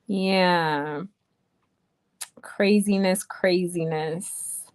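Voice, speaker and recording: A woman's voice: on the low side, steady tone, drawn-out words, dry recording. A young woman hosting a casual livestream from home, chatting and reading viewer comments aloud. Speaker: livestream host. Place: home room. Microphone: webcam or phone mic.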